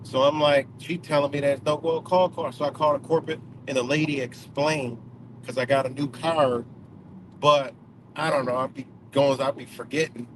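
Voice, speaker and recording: A man's voice: a little high, steady tone, normal speed, noisy background. A man talking casually in a rambling way, full of fillers, restarts and swearing. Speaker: vlogger. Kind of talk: casual spoken reflection.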